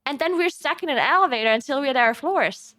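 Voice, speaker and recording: A woman's voice: high voice, quick pace, no room sound, clean studio sound. A young woman from Italy, a streamer, chatting casually with viewers and telling stories with a lot of laughter. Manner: animated storytelling, laughs often.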